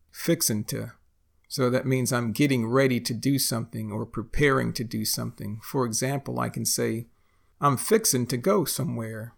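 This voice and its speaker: A man from Texas with a Texan accent, teaching English phrases slowly and deliberately, repeating each example. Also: mid-range voice, gravelly. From Texas, United States. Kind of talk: explaining lesson.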